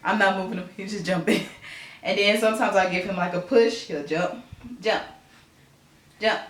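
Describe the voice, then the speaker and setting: A woman's voice: normal speed, echoey room. A young woman vlogging casually as a mom, chatting to camera at home with a baby on her knee. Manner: chatty, switches to high sing-song baby talk. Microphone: camera mic.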